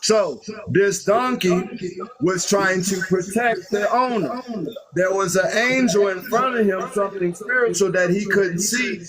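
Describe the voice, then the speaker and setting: A man's voice: high-pitched, unhurried, a crowd in the background, rough recording. A man hosting a live stream, giving confident, preachy spiritual advice to a caller. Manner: authoritative, instructive, confident. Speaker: spiritual livestream host.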